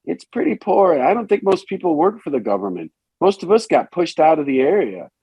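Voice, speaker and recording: A man's voice: a little high, sing-song, a little fast, mellow, breathy edge, dry recording, muffled recording, full character voice. A man voicing a guarded fifteen-year-old from a poor neighborhood, hesitant and humming before he answers, in a tabletop role-play game.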